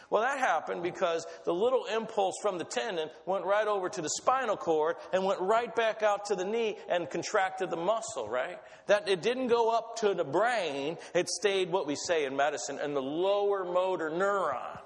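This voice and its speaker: A man preaching a sermon in an animated, conversational way, often asking his listeners questions. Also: a little high, in a large hall. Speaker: pastor.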